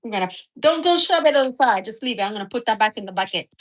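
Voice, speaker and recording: A woman's voice: on the high side, lively intonation, a little fast. A woman hosting a casual live stream, chatting and rambling through stories as she shows her gear.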